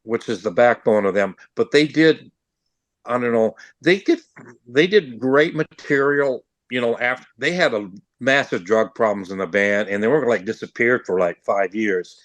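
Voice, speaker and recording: A man's voice: fairly low pitch, normal speed, dry recording. A man co-hosting a music podcast in casual chat, hesitant and full of fillers. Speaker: podcast co-host.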